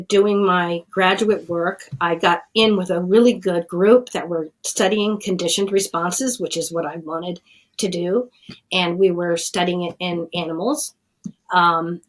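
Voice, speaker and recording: On a rough recording, a middle-aged addiction scientist appears as a guest, telling her story in an earnest, plainspoken, conversational way. She has a fairly low-pitched voice.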